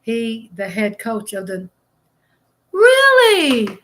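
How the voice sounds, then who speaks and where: Her voice sits lowish and moves a little slowly, with slight background noise behind it. This middle-aged livestream host snacks as she talks, reading out viewer comments in a chatty, exclamatory manner.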